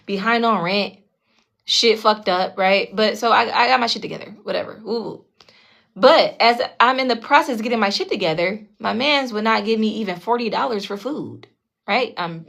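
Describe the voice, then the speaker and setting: A creaky, mid-range female voice belongs to a tarot channel host telling a personal story. She talks in a casual, blunt, heavily profane way, animatedly acts out the other people involved, and keeps checking in with her listeners.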